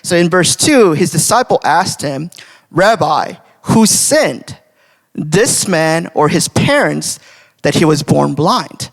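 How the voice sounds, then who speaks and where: A man's voice: on the high side, expressive, takes it slowly, gravelly. A young man preaching a casual devotional sermon, talking conversationally with many fillers and frequent "right?" checks. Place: church sanctuary. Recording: long church hall reverb.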